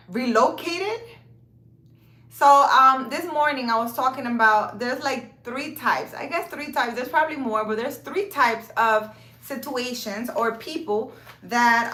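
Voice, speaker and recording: A woman's voice: a little high, sharp tone, echoey room. A woman talking casually to her viewers about faith, filling her speech with "you know" and "um" and correcting herself as she goes. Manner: conversational, with many fillers and self-corrections. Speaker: spiritual vlogger. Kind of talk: casual spiritual talk to camera.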